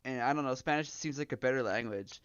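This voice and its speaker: Joking young Canadian streamer, smooth voice. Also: male voice, medium pitch, fast talker, a bit bright, muffled recording. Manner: joking, swears, laughs often. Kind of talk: casual livestream chat.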